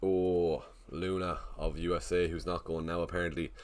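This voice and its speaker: A man's voice: low-pitched, little pitch movement, normal speed. A man casually chatting on a live stream, thinking aloud and greeting viewers in the chat. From Ireland.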